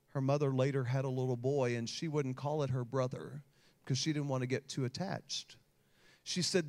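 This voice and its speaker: A man's voice: mid-range voice, normal speed. Man preaching a heartfelt sermon. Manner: storytelling with rising emotional intensity. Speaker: pastor.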